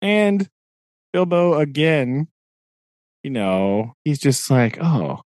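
A man's voice: on the high side, very animated, takes it slowly, a little mellow, no room sound. Podcast guy rambling casually, lots of likes and rights, dry close sound. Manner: chatty, peppers talk with "right?" and "like". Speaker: podcast co-host. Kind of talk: casual chat.

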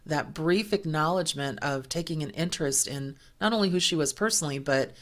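A woman hosting a podcast, telling workplace anecdotes in a lively, chatty way and acting out the people she quotes. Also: sits low, brisk. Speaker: podcast host. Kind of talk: casual storytelling chat.

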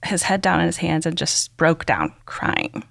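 A low-voiced woman with a strong vocal fry tells her story earnestly, rambling with "like" and "um." The sound is close and dry. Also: big pitch swings, unhurried, a bit bright, dry recording. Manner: earnest, rambling with many likes. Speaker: podcast guest. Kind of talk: candid personal testimony.

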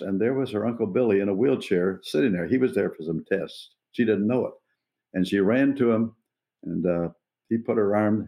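An older man in his eighties recalls his life as an evangelist in an interview. His voice sits low, with a gravelly, creaky texture and a dark, mellow tone. He speaks earnestly and without hurry, often pausing to find his words. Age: 80s. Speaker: evangelist guest. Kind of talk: reflective personal storytelling.

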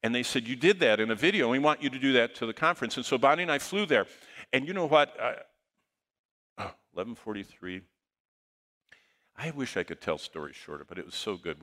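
Male pastor, lively storytelling sermon, bright voice, long hall reverb. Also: on the low side. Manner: animated storyteller, swings between loud bursts and hushed asides. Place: church auditorium.

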